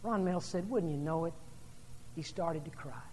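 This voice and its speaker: A woman's voice: lowish voice, moderate pace, slight background noise. Woman preaching a sermon in a hall. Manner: storytelling with rising intensity, then hushed. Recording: long hall reverb.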